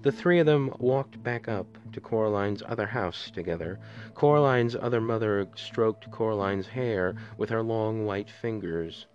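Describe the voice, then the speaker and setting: Man, audiobook narration, low voice, dull lo-fi sound, faint music behind. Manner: measured, steady storytelling. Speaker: podcast reader.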